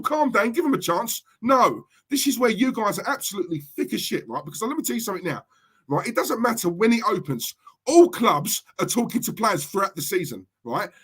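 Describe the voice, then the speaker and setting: A man's voice: high voice, fairly bright tone, breathy edge. A man hosting a fan livestream in a heated, repetitive rant, forever checking in with "right?" and "yeah?". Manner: fired up, repetitive, says "right?" and "yeah?" a lot. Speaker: fan channel livestream host.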